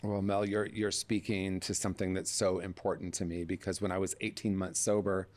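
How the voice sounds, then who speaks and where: A man speaking as a recovery author and guest in a podcast conversation, earnest and measured. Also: low-pitched, flat delivery, a little mellow.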